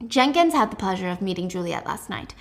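A woman reading the lines of a cold, ruthless young male military commander in a calm, commanding way, close to her own voice. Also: medium pitch, a little fast, vocal fry. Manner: calm, commanding, casually cruel.

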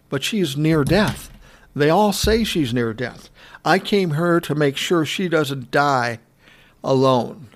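A middle-aged man telling a personal story in an earnest, emotional and reflective way. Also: mid-range voice.

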